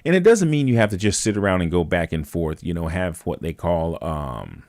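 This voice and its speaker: A man's voice: deep voice, sing-song, moderate pace, a little mellow, dry recording. A man hosting a live talk stream, speaking casually and thoughtfully, with frequent fillers and restarts. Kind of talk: casual reflective monologue.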